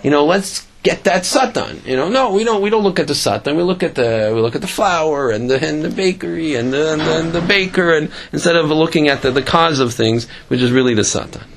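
A man with a somewhat high voice teaches a religious class through storytelling. He halts and restarts his sentences, repeating words as he looks for the next one, and he breaks into animated asides. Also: quick pace, hardly any pauses, a little hiss or hum. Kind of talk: storytelling Torah lesson.

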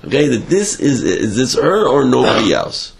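A man telling a religious story in a halting, animated way, with frequent restarts. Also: mid-range voice, creaky.

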